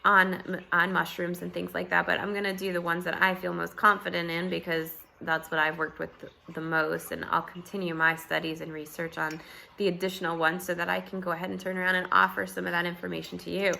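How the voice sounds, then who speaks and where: A woman vlogger with a scratchy, just-woken voice, chatting casually at home, relaxed and rambling with fillers and soft laughs. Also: lowish voice, fairly quick, gravelly. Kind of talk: casual morning chat to camera.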